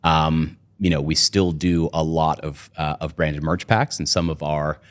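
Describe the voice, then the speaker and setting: A man's voice: a bass voice, little pitch movement, unhurried. A man, a company co-founder, talking through a casual podcast interview with lots of "you know" and "right?". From United States.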